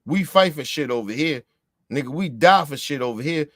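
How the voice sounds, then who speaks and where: A man's voice: on the high side, animated, moderate pace, a bit bright, no echo, clean studio sound. A man from the United States delivering a heated, profane, repetitive ranting monologue as a show host.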